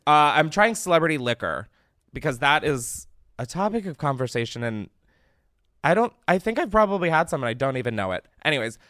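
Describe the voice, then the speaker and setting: A man's voice: on the high side, very animated, fairly quick, fairly bright tone, dry recording. Rambling, self-mocking young man, dry mic. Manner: rambling, self-deprecating, swearing. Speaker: podcast host. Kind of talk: casual comedic monologue.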